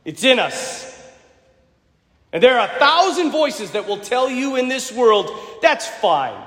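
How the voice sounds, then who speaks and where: A man preaching a passionate sermon to students and graduates, rising to shouts and acting out quoted voices. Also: very high voice, expressive, unhurried. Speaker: priest. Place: large church. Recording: echoey church with long reverb.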